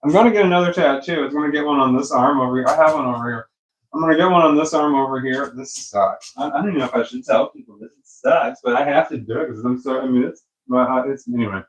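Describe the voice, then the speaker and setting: Here a middle-aged vlogger talks quickly in a mid-range voice, speaking into a phone camera with a small external microphone at home. The talk is a meandering, foul-mouthed casual vlog where he drifts off his point, and the audio quality is poor.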